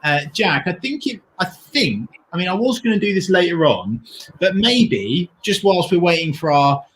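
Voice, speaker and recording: A man co-hosting a long charity livestream, talking in an excitable, gushing way and thanking donors warmly, worn out from the long hours. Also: high-pitched, moderate pace, slight background noise, low-quality recording. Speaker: livestream co-host. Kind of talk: casual livestream chat.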